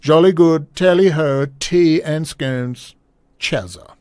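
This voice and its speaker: A man performing a pompous elderly British royal in an affected, plummy accent that keeps slipping. The voice sits higher than natural and sounds lofty. It is recorded close and dry. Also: slow pace, dark tone, clean tone, no echo. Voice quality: clumsy put-on posh British accent. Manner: plummy, self-mocking, raised pitch. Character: stuffy older male British royal writing a letter.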